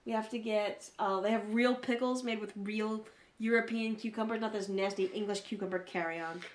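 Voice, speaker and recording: A woman's voice: medium pitch, normal speed, roomy sound. A woman co-hosting a podcast, chatting casually and acting out the people in her stories. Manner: animated storyteller, acts out quoted people. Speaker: podcast co-host. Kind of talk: casual chat.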